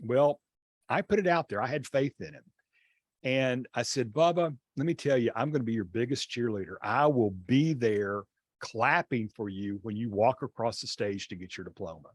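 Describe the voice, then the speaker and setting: A male teacher telling a classroom story in an online class over a video call, acting out the dialogue with lively changes of voice. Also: medium pitch, moderate pace, dry recording, studio quality. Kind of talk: storytelling lecture.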